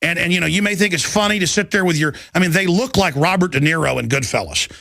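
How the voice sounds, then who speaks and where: A Texan man in his thirties hosts a talk radio show, ranting loudly and passionately about politics and mocking opponents with put-on voices. His voice is high, creaky and fast. The recording is dry.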